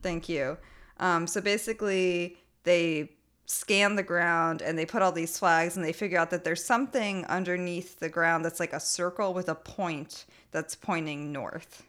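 A young woman with a fairly low, fairly bright voice speaks unhurriedly and steadily as a podcast co-host recapping a TV episode. She laughs often, fills her talk with "like," and mocks the voices she quotes.

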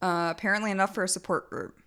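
A woman's voice: medium pitch, fairly even intonation, very fast, bright, forceful tone, smooth. A young woman casually recapping a TV episode as a podcast co-host, laughing often and filling her talk with "like". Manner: laughs often, many "like" fillers, mocking quoted voices. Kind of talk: casual chat recapping a TV show.

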